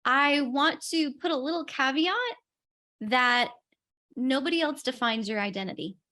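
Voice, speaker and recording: A woman's voice: sits high, a little slow, bright, forceful tone. A woman guest coaching on personal branding, earnest and emphatic, repeating her key points. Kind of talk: coaching in conversation.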